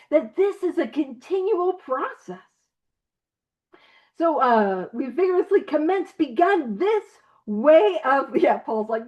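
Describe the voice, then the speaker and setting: A woman with a high voice leads an online recovery book study, playful and animated, often slipping in laughing asides. Her audio comes through a video call and sounds slightly dull and lo-fi. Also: normal speed. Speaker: study group leader.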